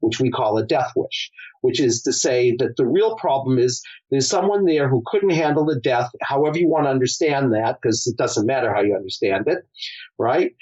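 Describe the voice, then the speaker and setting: A middle-aged man speaks as a psychologist guest, explaining his approach through a long client story. His voice sits a touch high, and he briefly takes on the client's words as he goes. The audio is dull and lo-fi. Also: darkish tone. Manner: storytelling, acts out client quotes. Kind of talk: explanatory interview talk.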